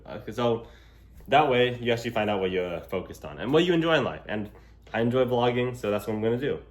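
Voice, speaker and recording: Lively intonation and a quick pace mark this young male vlogger's mid-range voice. He chats casually to the gimbal camera he holds while walking outdoors in public, rambling and filling gaps with lots of fillers.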